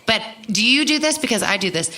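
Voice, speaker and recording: A woman hosting a podcast in a casual chat. She is a touring musician, chatty and animated, and laughs often. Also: a little high, brisk.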